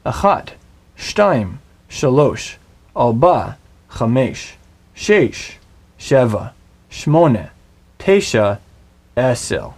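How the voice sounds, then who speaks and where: A man leads a recorded language lesson at an unhurried, deliberate pace. He speaks in a mid-range voice, patiently drilling each word so the viewer can follow and repeat. The sound is a close, clean voice-over. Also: mid-range voice, a little mellow, slightly rough. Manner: slow, patient drilling of words. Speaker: Hebrew teacher.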